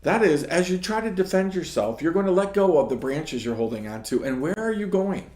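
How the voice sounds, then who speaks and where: Lively storytelling man in an echoey room. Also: high-pitched, fairly quick. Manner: storytelling, keeps asking "right?". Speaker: ministry host. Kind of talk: casual devotional talk.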